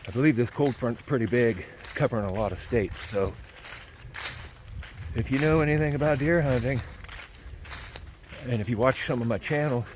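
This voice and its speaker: A man hosting a deer hunting vlog outdoors in the woods, talking casually in a rambling way that repeats phrases with many pauses. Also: mid-range voice, noisy background. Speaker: deer hunting channel host.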